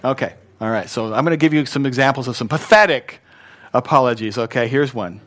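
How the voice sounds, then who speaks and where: In a brisk, sing-song, mid-range voice, a male pastor preaches with emphasis. Loud, punchy statements give way to quiet moments, and he prompts the audience to repeat words after him.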